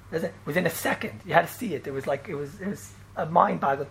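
Fast-talking man a gravelly voice. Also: fairly high pitch, a little hiss or hum, rough recording. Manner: animated, repeats himself, frequent "right?" and restarts. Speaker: storyteller recalling a rabbi. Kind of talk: casual storytelling chat.

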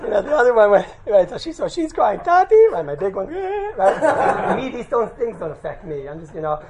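Man, religious class teacher, animated storyteller; gravelly voice; peppers talk with Yiddish terms; live audience audible. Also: high voice, a little fast, crowd noise, low-quality recording. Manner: lively anecdotal delivery with frequent laughs and "right?" asides; sprinkles Yiddish and Hebrew terms.

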